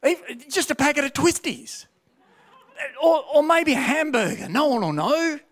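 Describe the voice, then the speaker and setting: A man's voice: extremely high pitch, animated, unhurried, fairly bright tone, voice pushed up, exaggerated voice. Man putting on a whiny, craving body. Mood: coaxing. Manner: whiny, coaxing, complaining. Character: his own whining, pleading craving body.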